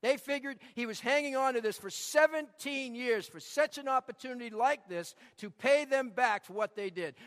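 A man's voice: very high voice, normal speed, hardly any pauses, a bit bright, in a large hall. A man preaching a sermon, telling stories and repeating key lines for emphasis. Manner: storytelling with emphatic repetition. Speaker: pastor.

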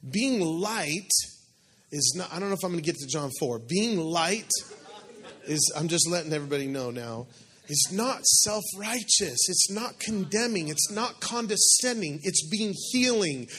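Male pastor with a slightly high voice, conversational sermon delivery, funny and animated. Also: measured pace. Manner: animated, joking, conversational preaching.

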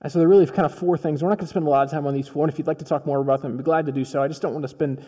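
A man's voice: fairly high pitch, steady tone, racing, warm tone. A man preaching a sermon in a conversational storytelling style, acting out dialogue as he goes. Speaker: pastor. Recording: long reverb of a large hall.

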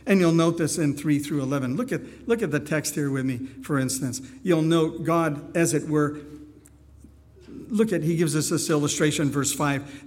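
A middle-aged man delivers a sermon from the pulpit, his voice sitting slightly high for a man. He keeps checking in with his congregation through direct questions. The sanctuary adds a long, trailing reverb to every phrase. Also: normal speed, darkish tone. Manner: asks the congregation many questions. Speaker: pastor. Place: church sanctuary.

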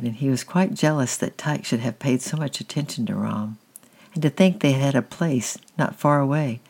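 A man narrating a storybook with a calm, steady reading. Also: mid-range voice, creaky, breathy edge.

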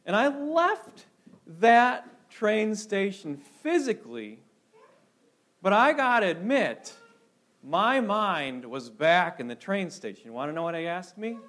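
Casting: high-pitched male pastor from Minnesota, animated storyteller, sermon in a church. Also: slow pace. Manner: animated storytelling with repeated restarts.

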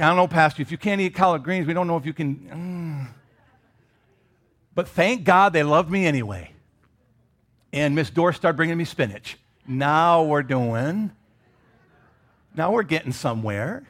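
Animated middle-aged pastor preaching a sermon. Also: male voice, sits high. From Michigan. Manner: animated, joking asides to the congregation.

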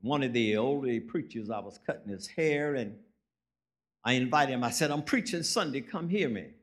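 A man's voice: medium pitch, lively intonation, normal speed. A man, preaching a sermon as a guest preacher, telling folksy stories and rising into emphatic preaching.

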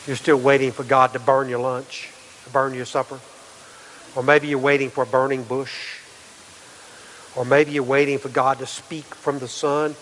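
A man's voice: mid-range voice, level tone, moderate pace, fairly bright tone, big-room sound, a little hiss or hum, low-quality recording. A pastor delivering a conversational sermon, acting out quotes and often repeating words as he goes.

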